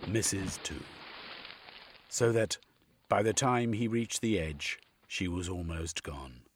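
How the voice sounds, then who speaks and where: A man narrating an audiobook with a husky voice. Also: low-pitched, slow, a little hiss or hum. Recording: faint music underneath.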